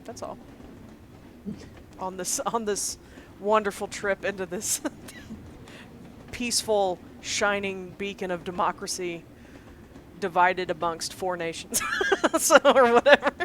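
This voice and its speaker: A woman chatting casually as a player in a tabletop game, laughing often and breaking into quick asides. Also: mid-range voice, a little hiss or hum.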